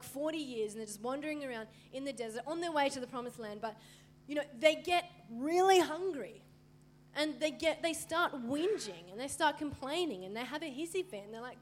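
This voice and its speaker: A young woman preaching a sermon, lively and chatty, acting out the voices of people and Jesus as she retells Bible passages. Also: on the high side, slight background noise.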